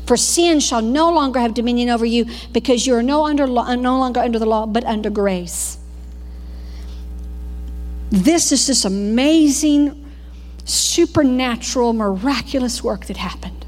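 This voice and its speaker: Fervent high-voiced woman preaching in a hall. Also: a little mellow. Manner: fervent, preacherly, with quoted prayers and asides. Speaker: Bible school teacher. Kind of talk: teaching sermon.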